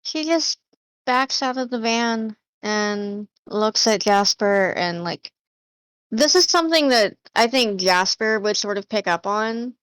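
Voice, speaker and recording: A woman's voice: fairly high pitch, lively intonation, takes it slowly, a bit bright, smooth, no echo. A woman player in a tabletop game, chatty and thinking aloud. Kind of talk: casual tabletop play.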